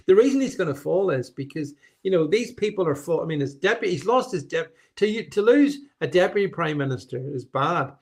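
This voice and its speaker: A man's voice: on the high side, animated, a little fast. A man hosting a show, giving emphatic, opinionated political commentary and reading out viewer comments, often stumbling and repeating words as he builds up steam. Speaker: show host.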